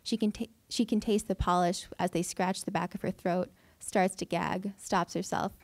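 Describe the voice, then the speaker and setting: Woman giving a measured literary reading. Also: on the low side, fairly even intonation, darkish tone, no room sound. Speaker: fiction writer reading her work. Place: event hall.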